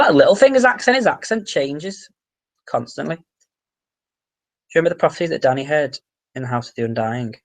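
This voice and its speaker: A man's voice: mid-range voice, gravelly. A young man from England chatting casually on a livestream from home, rambling through restarts, fillers and casual swearing. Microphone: webcam.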